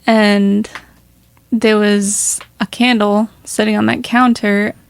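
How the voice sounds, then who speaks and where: A woman co-hosting a casual podcast, a little hoarse, chatty and laughing often as she rambles through stories. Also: medium pitch, little pitch movement, slow pace. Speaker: podcast co-host. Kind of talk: casual chat.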